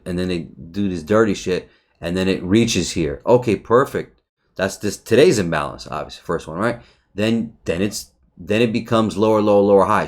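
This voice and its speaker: A man casually reviewing a trading chart, talking loosely, swearing often, restarting phrases and checking in with "right?". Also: fairly low pitch. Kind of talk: casual market recap over a chart.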